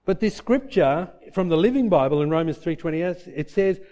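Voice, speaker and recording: With lively intonation and a moderate pace, a man preaches a sermon, putting questions to the congregation and answering them on his own. He softens to a low voice when making heartfelt points.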